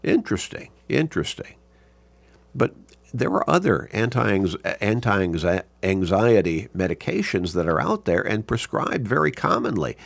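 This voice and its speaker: An older man giving a sermon, slow and deliberate, repeating points for emphasis, with a gravelly voice. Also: lowish voice, sing-song, no echo.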